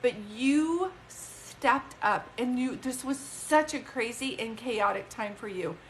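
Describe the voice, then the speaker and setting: Chatty psychic medium, higher voice. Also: female voice, lively intonation, takes it slowly, slight background noise, poor audio. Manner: chatty, emphatic, rambling with restarts. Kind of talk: live-stream reading to a caller.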